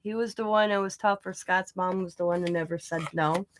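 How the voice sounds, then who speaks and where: A woman hosting a craft channel, casually telling a rambling family story full of asides and lively retold dialogue. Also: lowish voice, brisk, dry recording. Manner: rambling, chatty, full of "you know" asides; animated when retelling quoted dialogue.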